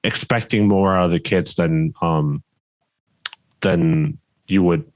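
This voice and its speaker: Man, low stern voice, worn and fading, dry sound, casual podcast chat. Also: slow pace, dry recording. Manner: stern, even-toned, explains at length. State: losing his voice. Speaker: podcast co-host, martial arts instructor.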